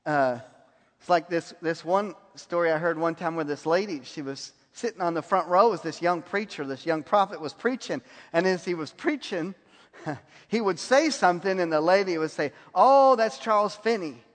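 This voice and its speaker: A man's voice: on the high side, moderate pace. A man preaching a sermon, telling stories and laughing at his own anecdotes. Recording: long hall reverb.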